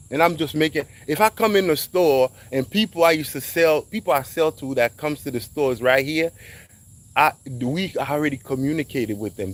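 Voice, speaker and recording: A man telling a casual, animated story in slang, acting out quoted voices along the way. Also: medium pitch.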